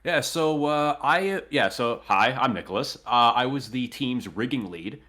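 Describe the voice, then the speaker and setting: A man's voice: medium pitch, expressive, measured pace, bright, forceful tone. A young man, an animator, talking eagerly in a casual interview, with lots of filler words. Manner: enthusiastic, chatty with filler words. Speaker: animator, rigging lead. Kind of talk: casual video-call interview.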